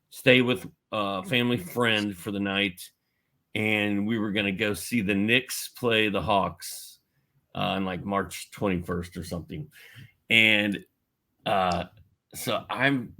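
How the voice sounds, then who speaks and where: Speaking in a voice on the low side with a bright, forceful tone, a middle-aged Indiana man tells a personal story as a guest in a casual podcast chat. He's animated and performs the voices of those he quotes.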